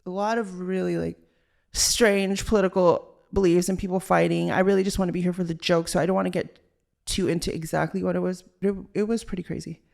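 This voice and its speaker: A woman's voice: lowish voice, fairly even intonation, brisk, vocal fry, darkish tone. A young woman from Los Angeles hosting a casual solo podcast, chatty and loose, with lots of "like" fillers. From Los Angeles, Southern California. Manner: chatty, valley-girl style with many "like" fillers. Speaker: podcast host.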